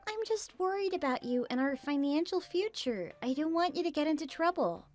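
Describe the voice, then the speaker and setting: A woman's voice: high-pitched, lively intonation, brisk, a little mellow, soft background music. A synthetic female voice as an anxious wife. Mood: worried. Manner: anxious, pressing questions. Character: worried adult wife questioning her husband. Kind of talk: text-message story voice-over.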